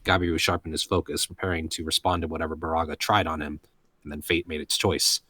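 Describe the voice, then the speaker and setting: A man from Colorado reading a light novel aloud in steady narration, now and then correcting himself. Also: a bass voice, quick pace, slightly rough, no room sound.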